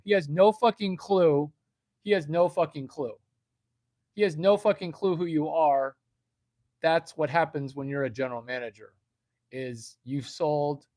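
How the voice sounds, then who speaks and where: A brash man rants through a comedic livestream, swearing freely and reading chat aloud. His voice sits a little high and his delivery is slow and deliberate. The sound is dry, with no room echo. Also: a little mellow. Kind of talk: unscripted comedic rant.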